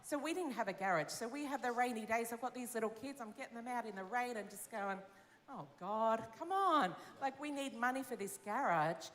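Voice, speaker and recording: A woman's voice: on the high side, fast, few pauses. A woman with an Australian accent, a pastor speaking candidly and with animation in an interview, acting out her own thoughts. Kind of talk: interview about giving. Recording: long reverb of a large hall.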